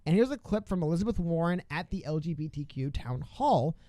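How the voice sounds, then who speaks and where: A man co-hosting a casual political podcast, talking quickly with sarcastic asides. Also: a little high, animated, dark tone, no echo. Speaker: podcast co-host.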